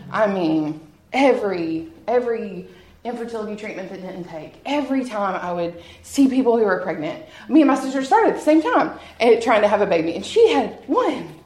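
A woman giving a heartfelt personal testimony at a church gathering, earnest and quick to laugh at herself. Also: medium pitch, sing-song, a little mellow. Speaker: guest speaker sharing testimony. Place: church hall with an audience. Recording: roomy hall echo.

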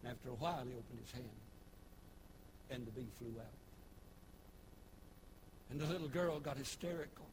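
A man preaching a sermon, folksy storytelling that builds into shouted preaching. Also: medium pitch, moderate pace, long pauses, background noise. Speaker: pastor. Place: church.

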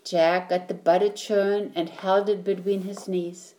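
Slow-reading woman storyteller. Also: lowish voice, flat delivery, a little mellow. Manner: slow, clear, deliberate reading. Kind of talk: reading a children's story aloud.

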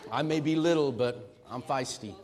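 A middle-aged man preaching a sermon as pastor, emphatic and swinging from shouting to hushed tones. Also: medium pitch, normal speed, noisy background.

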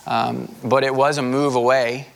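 A man's voice: medium pitch, little pitch movement, unhurried, creaky. A man, a pastor, giving a conversational sermon with a folksy, casual manner and frequent filler words.

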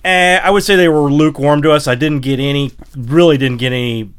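A man's voice: a little high, a little fast, smooth. Rambling Midwestern man, casual talk. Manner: rambling, repeats words, many restarts. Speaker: podcast co-host. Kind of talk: casual sports chat.

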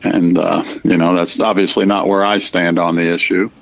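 A man with a low, gravelly voice talks politics casually as a co-host. His delivery is measured and conversational, full of small fillers. The recording sounds dull and lo-fi. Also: flat delivery. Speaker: podcast co-host.

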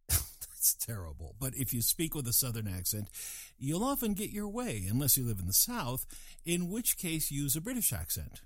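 A man's voice: medium pitch, huge pitch swings, normal speed, no echo. An older man delivering a scripted comic monologue with a dry, wry manner, slipping into playful voices. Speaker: comedic host.

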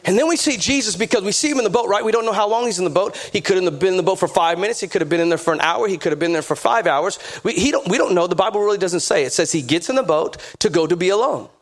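Man, pastor, high voice, emphatic sermon, repetitive. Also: expressive, fast, hardly any pauses.

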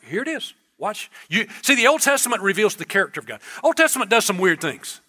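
A man's voice: extremely high pitch, sing-song, fast talker, hardly any pauses, sharp tone. A man preaching as a pastor in a conversational, emphatic sermon style, repeating key phrases for emphasis.

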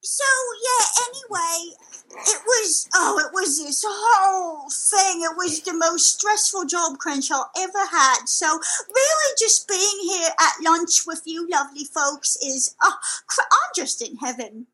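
A woman doing a squeaky fawning nervous underling. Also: animated, measured pace, pushed and bright, full character voice, rough recording. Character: jittery servile male employee, speaks of himself in third person. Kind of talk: improvised comedy sketch.

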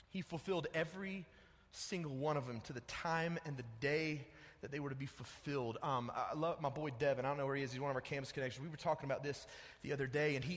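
A man's voice: on the high side, fairly bright tone. A young man preaching a sermon in a casual, slangy way, calling listeners dude and bro. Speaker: pastor. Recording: echoey hall with long reverb.

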